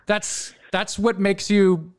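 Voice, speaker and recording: A man's voice: high voice, little pitch movement, takes it slowly, clean tone. A man hosting a casual podcast chat, encouraging his guest and rambling through his own memories with frequent restarts. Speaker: podcast host.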